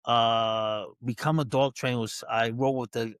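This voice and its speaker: A man's voice: mid-range voice, fairly even intonation, a little slow, fairly bright tone, smooth, no room sound. New York man, dry close sound. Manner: laughing, rambling, self-interrupting. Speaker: dog trainer, guest. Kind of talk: casual interview chat.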